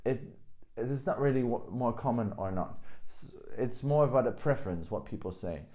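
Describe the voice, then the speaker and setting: A man's voice: medium pitch, animated, normal speed, dark tone. A young man teaching a spoken language lesson in a casual, patient way, carefully repeating words and their tones.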